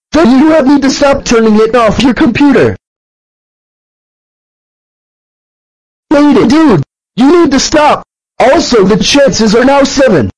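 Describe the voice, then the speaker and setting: A man doing a shrill, fed-up cartoon dinosaur who scolds in a high, jumpy voice and keeps hammering the same threats over and over. The sound is bone-dry and close, as if from a computer voice. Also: no echo, poor audio. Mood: furious. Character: angry purple dinosaur, male, fed up.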